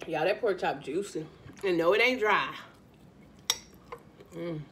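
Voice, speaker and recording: Her voice is on the low side and a bit bright, delivered at a measured pace with a little hiss or hum. She's a chatty mukbang host from Louisiana who says y'all to viewers and eats between lines of casual conversation.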